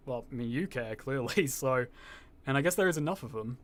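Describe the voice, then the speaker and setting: Expressive and a bit bright, this young streamer's mid-range voice moves at a normal speed. While playing, he chats casually with viewers, rambles, swears freely and reads chat aloud, sounding slightly posh.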